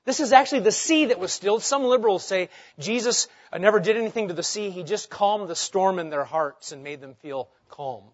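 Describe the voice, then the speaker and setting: High-voiced man preaching a sermon. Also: a little fast, hardly any pauses, lo-fi sound. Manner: dramatic swings between loud and hushed delivery; rhetorical questions to the congregation. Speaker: pastor.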